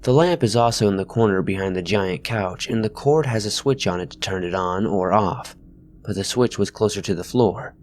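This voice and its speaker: A man reading first-person horror stories aloud as scripted narration, at a steady pace. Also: on the low side, moderate pace, slight background noise.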